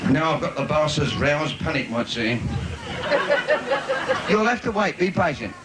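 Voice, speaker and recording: A man's voice: big pitch swings, measured pace, a loud crowd. Cheeky stand-up man, bouncy voice, noisy old live tape. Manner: bawdy, cheeky patter with sudden high squeaks. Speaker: stand-up comedian. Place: theatre stage with audience. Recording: noisy 1980s live video.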